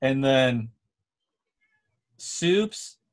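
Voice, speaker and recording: A young man hosting a casual chat, telling a lively story and checking in with "right?" and "dude". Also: medium pitch, very slow.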